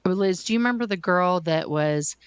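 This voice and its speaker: A woman from California co-hosting a casual group chat, telling animated stories and slipping into mock voices. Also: on the low side, moderate pace, clear, resonant tone, no room sound. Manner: animated storyteller, puts on mock voices in quotes. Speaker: livestream co-host.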